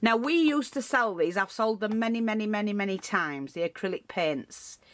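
A woman's voice: medium pitch, lively intonation, normal speed. A woman giving a casual, rambling craft tutorial, full of asides and restarts.

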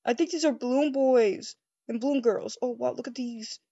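A woman doing a first-person role-play over a game, excitable and easily startled, rambling with stammered restarts. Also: fairly high pitch, moderate pace, slightly rough, dry recording, highs cut off.

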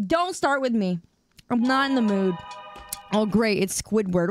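Young woman streamer, bright higher register, playful mock-outrage at chat, close dry mic. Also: lively intonation, normal speed, dry recording, soft background music. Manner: playful, teasing, mock-indignant banter with chat. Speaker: game streamer. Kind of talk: casual live-stream chat. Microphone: desk streaming mic with headphones.

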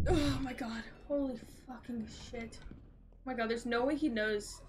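A woman's voice: a little high, measured pace, background noise. A young woman streaming a horror game, cursing and talking back at the monster chasing her. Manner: jumpy, swearing, talks back at the game. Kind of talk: live gameplay commentary. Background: faint game music.

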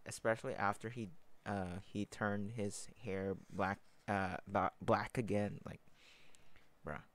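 Man, casual vlog, excited gushing, slangy, lowish voice, unhurried. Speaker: manga vlogger. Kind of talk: casual chat while flipping through manga.

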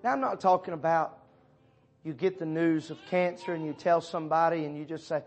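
High-voiced preacher man. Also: fairly quick. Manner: preaching with wide swings from loud urging to hushed tones; addresses listeners by name as brother and sister. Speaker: pastor. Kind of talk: sermon. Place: church.

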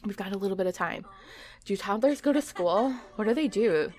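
A woman's voice: medium pitch, expressive, brisk, darkish tone, slight background noise. A young adult woman hosting a let's play, giving chatty, giggly commentary and talking to her game characters. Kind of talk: casual gameplay commentary.

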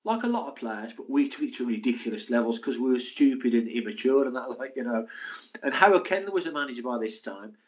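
A man in his sixties, a former footballer, telling stories in a casual interview in a chatty, animated way. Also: medium pitch, fast. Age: 60s. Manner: chatty, animated, laughing anecdotes.

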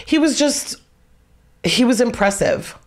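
A middle-aged woman chatting as a podcast guest, telling stories casually and acting out the voices she quotes. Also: takes it slowly. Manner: animated storyteller, acts out quoted voices with big pitch jumps. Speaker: guest, former nanny.

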